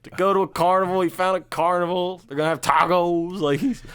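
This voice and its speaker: A man's voice: sits high, steady tone, brisk, fairly bright tone, clean tone. Man musing earnestly in casual chat. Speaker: podcast co-host.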